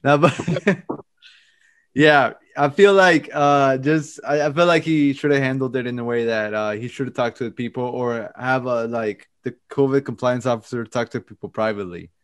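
A man's voice: mid-range voice, normal speed, smooth. Loose, profane podcast host, man. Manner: loose, profane, laughing often. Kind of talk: casual chat.

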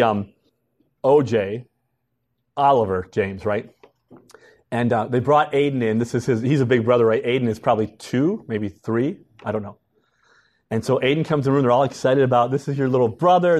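Man preaching in a conversational way. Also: fairly high pitch. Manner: conversational preaching, acting out quotes of parents and kids. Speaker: pastor. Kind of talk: sermon.

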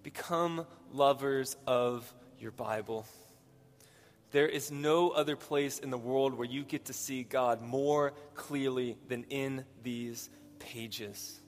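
A man's voice: mid-range voice, fairly even intonation, slow, few pauses. Earnest male preacher in a reverberant hall. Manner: earnest, repeats key phrases. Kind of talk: sermon.

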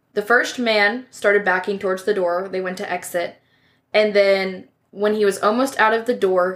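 Woman telling a true crime case off her notes, chatty, mid voice, fixes herself as she goes. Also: mid-range voice. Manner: reads from notes with casual asides and self-corrections. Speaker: true crime podcast host. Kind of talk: casual narration of a case.

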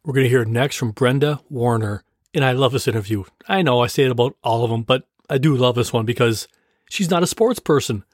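A man's voice: medium pitch, fairly quick. A man hosting a show, introducing interviews and film clips in a chatty, enthusiastic way. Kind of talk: casual presenting.

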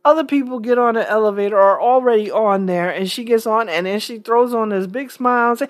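A woman's voice: on the high side, fairly quick, few pauses. A woman from New York talking casually to her viewers, blunt and emphatic, with frequent chuckles. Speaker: vlogger. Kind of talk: casual talk to camera.

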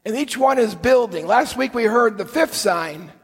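A man preaching a sermon, telling the story with slow, deliberate emphasis in an earnest manner. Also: very high voice, animated, slightly rough, big-room sound, low-quality recording. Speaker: priest.

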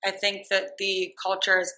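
A woman from Ohio, a cosmetologist working as a barber, talking as a podcast guest in an animated, chatty, self-mocking way, laughing often, close on a studio microphone. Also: mid-range voice, moderate pace, rough recording. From Ohio, USA. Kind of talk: casual podcast interview.

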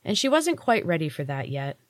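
A woman author narrating her own fantasy story in a steady, measured reading. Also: sits low, no room sound, studio quality. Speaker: podcast host and author reading her fiction. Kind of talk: audiobook narration.

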